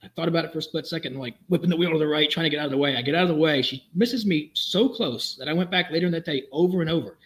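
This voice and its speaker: A middle-aged man talks at a quick clip in a somewhat high voice. He is a police officer guest on a podcast, and he tells his story with energy, raising his voice to act out the lines he quotes. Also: a bit bright.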